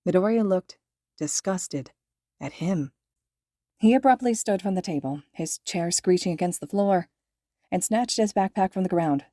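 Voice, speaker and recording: A woman reading a fan fiction story aloud in a steady, measured narration. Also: on the low side, dry recording, studio quality. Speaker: podfic reader.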